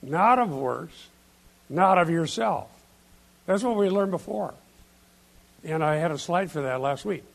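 A man's voice: on the high side, measured pace, gravelly, pauses often. A male pastor giving an expository sermon, explaining scripture with emphatic points. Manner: emphatic, explains Greek word order and scripture.

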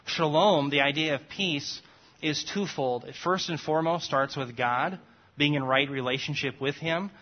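A man teaching scripture to a class, his voice sitting a little higher than most men's. He explains step by step and keeps checking that his listeners follow. The recording is dull and lo-fi. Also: normal speed. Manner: checks in often with "okay?" and "right?". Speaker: Bible study teacher.

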